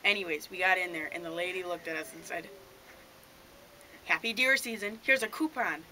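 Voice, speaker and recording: Woman doing deadpan rural hunter guy. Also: lowish voice, moderate pace, a crowd in the background, lightly acted, poor audio. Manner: deadpan rambling storytelling. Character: dim cheerful male rural deer hunter. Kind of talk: improvised comedy sketch.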